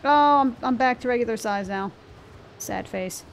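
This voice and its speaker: Chatty, foul-mouthed woman streamer, higher voice. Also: normal speed, slight background noise. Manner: chatty, profane, talks to the game's monsters. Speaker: game streamer. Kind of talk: casual gameplay commentary. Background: game music.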